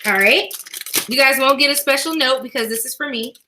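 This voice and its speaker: A woman's voice: sits high, fairly quick, bright, forceful tone, a little hiss or hum, rough recording. A woman hosting a casual video chat, talking in an emotional, laughing way with plenty of dialect. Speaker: YouTube host.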